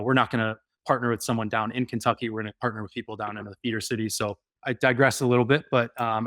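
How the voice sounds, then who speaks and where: Low, flat-voiced man as a podcast guest. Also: no room sound. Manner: many "um" fillers, fast enthusiastic bursts. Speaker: podcast guest, rental property owner. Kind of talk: casual interview chat.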